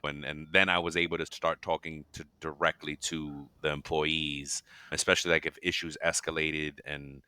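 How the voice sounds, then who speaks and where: Man co-host, low pitch with a bright, forceful tone, dry close sound, enthusiastic. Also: level tone, moderate pace, smooth, dry recording. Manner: enthusiastic, laughs easily. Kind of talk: casual podcast chat.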